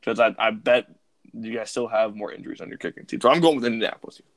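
A man's voice: on the low side, fast, no echo. A man co-hosting a casual sports podcast, joking and emphatic as he makes his picks. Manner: joking, emphatic, trash-talking. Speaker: podcast co-host.

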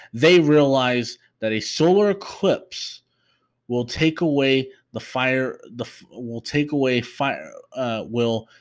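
A man hosting a podcast, recapping an episode in a casual, halting way with many fillers and restarts. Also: medium pitch. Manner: halting, filler-heavy, meandering. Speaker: podcast host.

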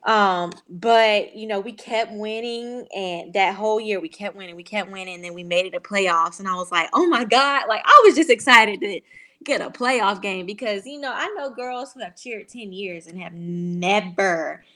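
A young woman guest on a podcast, chatting in a casual and excited way, with lots of likes and you-knows. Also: mid-range voice, moderate pace, hardly any pauses. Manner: chatty, excited storytelling with many fillers. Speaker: guest, former pro cheerleader.

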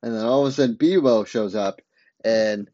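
A man's voice: on the low side, normal speed, warm tone, dry recording, dull audio. A man giving a casual spoken recap, rambling along and often stopping to correct himself mid-sentence.

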